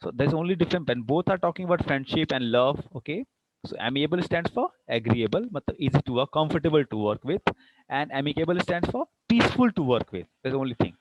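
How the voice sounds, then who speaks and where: A man with an Indian English accent teaches English vocabulary in an online lecture, mixing English and Hindi and asking questions to check understanding. His voice is fairly high with big pitch swings and a quick pace; the audio has its highs cut off and slight background noise.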